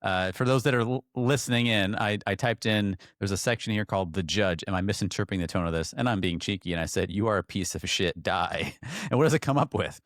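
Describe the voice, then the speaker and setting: A man co-hosting a podcast, talking in a cheeky, lively way and reading text aloud. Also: on the low side, fairly quick, no room sound, clean studio sound. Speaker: podcast co-host. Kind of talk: casual podcast chat.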